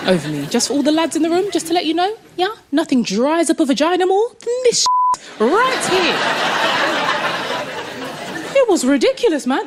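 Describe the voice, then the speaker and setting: A woman of Jamaican heritage performing a stand-up comedy set, animated and laughing through her lines. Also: very high-pitched. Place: comedy club stage. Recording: live club recording with clear noise.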